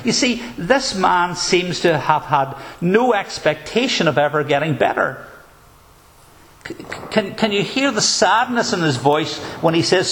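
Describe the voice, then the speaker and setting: A man preaching a sermon in an earnest, measured way, asking probing rhetorical questions. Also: high-pitched, animated, a bit bright, a little hiss or hum.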